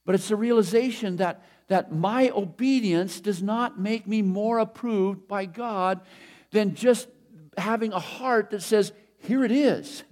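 A man's voice: sits high, measured pace, darkish tone. A middle-aged man preaching a sermon in a conversational, emphatic way, repeating his key phrases. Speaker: pastor.

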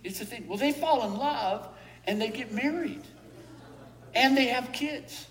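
A very high-pitched male pastor with a fairly bright tone preaches in a church hall. He chuckles often while recounting a story, then prays slowly and earnestly.

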